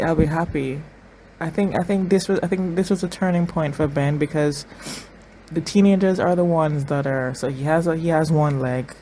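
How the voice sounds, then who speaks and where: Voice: mid-range voice, mellow, slight background noise, poor audio. A host giving emotional commentary on a TV episode, tearful at times, repeating phrases and restarting sentences often. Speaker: reaction video host.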